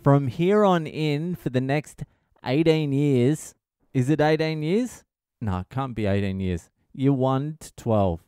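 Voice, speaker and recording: A man's voice: medium pitch, takes it slowly, warm tone, clean tone, no echo, studio quality. A middle-aged man, a comedian hosting his own podcast, rambling through a casual comedic monologue and swearing constantly.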